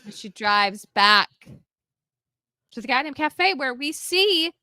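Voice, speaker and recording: A woman's voice: high-pitched, slow pace, smooth, no room sound. A woman co-hosting a podcast, recapping a film in casual chat, acting out the characters' lines and laughing often. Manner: animated storytelling, acts out character quotes, frequent laughs and fillers. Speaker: podcast co-host.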